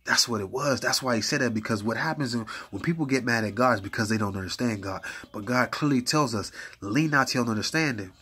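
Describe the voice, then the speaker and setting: A man talking casually about faith and prayer, conversational and full of fillers, getting animated as he retells stories. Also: medium pitch, fast, hardly any pauses, breathy edge. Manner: conversational, uses many fillers like "you know what I'm saying"; gets animated and hyped when retelling stories. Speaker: faith speaker.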